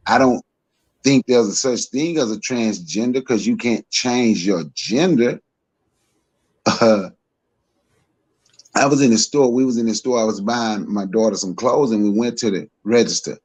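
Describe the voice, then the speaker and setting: A man, co-hosting a podcast and giving his opinions emphatically, repeating himself and climbing higher as he gets worked up. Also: a little slow, darkish tone, breathy edge. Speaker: podcast co-host. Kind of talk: heated opinion talk.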